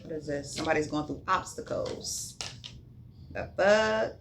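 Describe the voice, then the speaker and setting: A woman's voice: sits low, unhurried, noisy background. A woman giving a casual tarot reading, blunt and profane, drifting into sing-song asides between card readings. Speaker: tarot reader.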